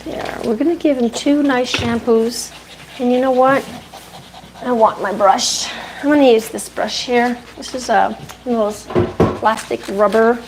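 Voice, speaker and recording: A woman with a higher voice chats casually while grooming a dog, talking to the animal and to her viewers at the same time. The sound comes from a grooming room with a bath. Running water and clippers are clearly heard behind her. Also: fairly even intonation, measured pace, noisy background. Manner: chatty, talks to the dog and viewers while working. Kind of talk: casual live-stream chat while grooming.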